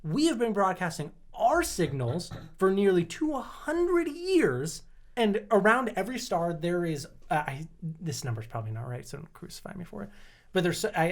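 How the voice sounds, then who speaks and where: A man's voice: fairly high pitch, sing-song, normal speed. A man co-hosting a casual podcast, explaining at length, laughing often and swearing casually. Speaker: podcast co-host. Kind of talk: casual chat.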